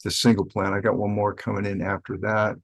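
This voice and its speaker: A man's voice: lowish voice, little pitch movement, a little fast, creaky, dry recording, poor audio. A man chatting casually about his growing, laid-back and rambling with fillers. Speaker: home cannabis grower guest. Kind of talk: casual group chat.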